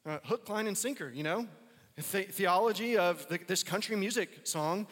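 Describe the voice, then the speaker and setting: A man's voice: high voice, moderate pace, a bit bright, in a large hall. A man preaching a sermon as a pastor, casual and conversational, repeating phrases for emphasis.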